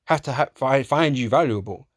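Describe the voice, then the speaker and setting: A man preaching in a casual, profane way, often laughing, calling listeners man and bro, and reading scripture slowly in old-fashioned wording. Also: mid-range voice, no echo, studio quality. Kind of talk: street-style sermon, reading scripture.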